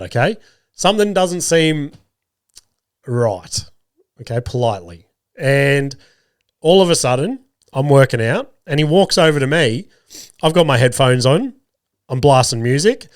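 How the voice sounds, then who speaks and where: A man's voice: medium pitch, clean tone, dry recording, clean studio sound. A man in his thirties with an Australian accent, hosting a podcast while sick, telling stories in a sweary, self-deprecating way. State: sick, voice rough. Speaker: podcast host. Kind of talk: casual storytelling monologue.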